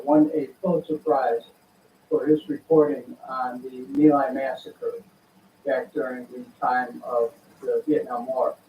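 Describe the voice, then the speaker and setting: An older man, a former congressman, speaking as a guest in a political interview, deliberate and earnest with many pauses. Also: medium pitch, slight background noise. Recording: tinny phone-like line, echoey room, from far off.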